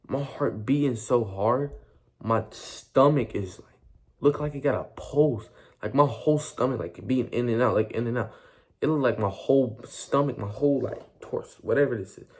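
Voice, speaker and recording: A young man tells a personal story in a loose storytime vlog. His voice sits a bit low, and he rambles along in slang, often starting a sentence over. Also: gravelly. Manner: rambling, slangy, with many restarts and fillers.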